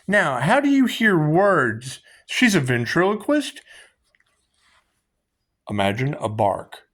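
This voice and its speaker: A man's voice: a little high, big pitch swings, slow pace, a bit bright. A man answering viewer questions in a loose, profane, rambling live-stream monologue, laughing and repeating himself.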